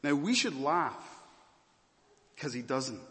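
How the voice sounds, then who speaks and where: A man's voice: medium pitch, big pitch swings, slow pace, a bit bright, big-room sound. A man preaching a dramatic sermon in a church, questioning the congregation intently.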